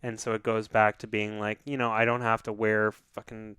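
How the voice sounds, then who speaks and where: Male podcast co-host, smooth voice, rambling and jokey, swears freely, dry close mic. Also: lowish voice, level tone, moderate pace, pushed and bright, no echo. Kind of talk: casual podcast chat.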